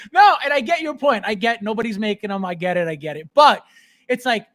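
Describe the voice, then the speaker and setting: Man, podcast host, casual banter, mocking rant. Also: high-pitched. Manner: mocking, animated ranting with frequent laughs.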